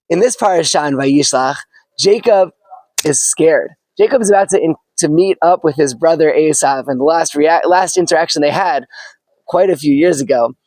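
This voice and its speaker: A man giving an earnest, animated storytelling sermon. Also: high voice, no echo, poor audio. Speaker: teacher giving a weekly Torah talk.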